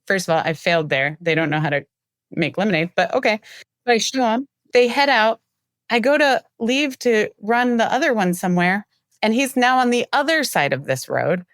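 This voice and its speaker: A woman's voice: mid-range voice, fairly quick, no echo, clean studio sound. A woman guest on an interview show, telling stories and acting out the quoted dialogue in them. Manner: lively storyteller who acts out quoted dialogue. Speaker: marketing executive, guest. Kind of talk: casual interview storytelling.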